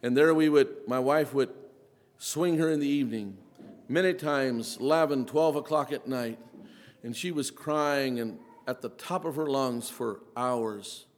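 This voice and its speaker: A man giving an emotional sermon testimony, his delivery swinging from quiet and low to urgent, pleading intensity. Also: unhurried. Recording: long hall reverb.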